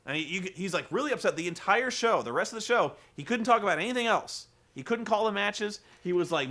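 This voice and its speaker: Sarcastic high-voiced man recapping. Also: lively intonation, a little fast, few pauses, pushed and bright. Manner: sarcastic, rambling, profane. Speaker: show recap host. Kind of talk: comedic wrestling recap.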